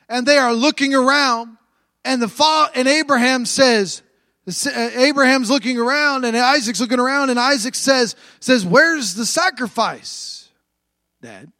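A man with a very high, bright voice preaches a sermon in a dry, close-miked sound. He starts quiet and explanatory, then builds to fervent shouts, hammering the same phrases over and over. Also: no echo.

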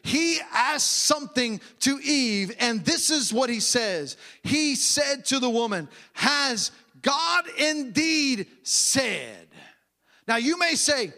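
A man's voice: extremely high pitch, animated, unhurried, hardly any pauses, pushed and bright. A man preaching a sermon, emphatic and often raising his voice, repeating phrases for stress.

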